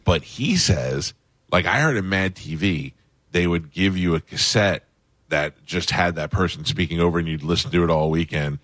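A man's voice: low-pitched, animated, moderate pace, a bit bright, no echo. A man hosting a radio show, chatting casually with a guest and telling his own stories. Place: radio studio.

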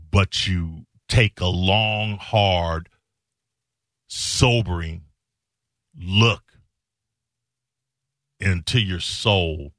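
Slow, deep-voiced man telling a personal story. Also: no room sound, studio quality. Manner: slow, halting and earnest, with emphatic repetitions. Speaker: show host.

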